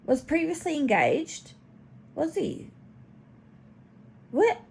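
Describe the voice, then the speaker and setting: A woman's voice: sits high, sing-song, slow pace, gravelly, darkish tone. A woman hosting a casual reaction commentary, chatty and snarky, swearing now and then. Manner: chatty, snarky, swears, talks to her pet in baby talk. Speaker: commentary channel host.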